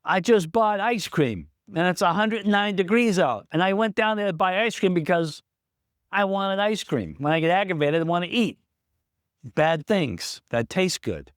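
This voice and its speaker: A man's voice: sits high, expressive, moderate pace, dry recording, clean studio sound. A man who runs a small business, telling a candid personal story in a vlog, plain-spoken and reflective. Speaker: small business owner in recovery.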